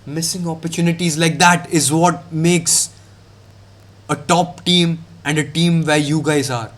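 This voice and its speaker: A man's voice: on the high side, fairly even intonation, unhurried, fairly bright tone. Fired-up young man ranting about football. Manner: heated ranting, mocking players, slangy. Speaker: football reaction streamer.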